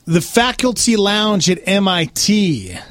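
A man's voice: high-pitched, very animated, slow pace, fairly bright tone, dry recording. A man hosting a morning radio show, reading news items and teasing his co-hosts playfully. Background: music bed.

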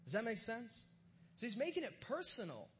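A pastor giving a sermon at a church service in a casual, joking way, with plenty of slang. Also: male voice, very high voice, wildly swooping pitch, normal speed, sharp tone, a little hiss or hum. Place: church service in front of a live crowd.

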